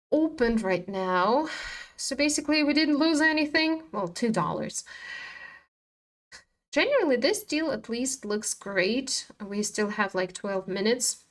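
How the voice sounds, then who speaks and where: A woman hosting a live trading stream, chatting casually and animatedly, swearing freely and talking back at her chart. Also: mid-range voice.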